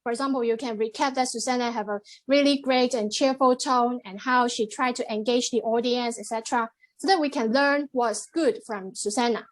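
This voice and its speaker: On a video call, a woman delivers the general evaluation at a club meeting, measured and encouraging, with frequent fillers. Her voice is a little high and steady in tone.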